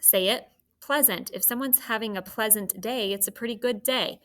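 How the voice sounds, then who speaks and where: A woman's voice: on the high side, moderate pace, fairly bright tone. A woman teaching a phonics lesson to children, patient and encouraging as she sounds out words.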